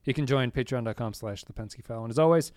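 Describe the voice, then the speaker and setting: A man's voice: mid-range voice, very fast, darkish tone, no echo. A man co-hosting a podcast, chatting casually and reading out a long list of supporter names. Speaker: podcast co-host. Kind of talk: casual chat.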